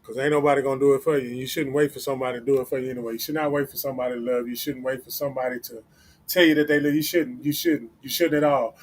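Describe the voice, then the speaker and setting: A man's voice: fairly high pitch, very fast. A man hosting a livestream, giving casual motivational talk in a blunt, profane, repetitive way. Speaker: livestream host.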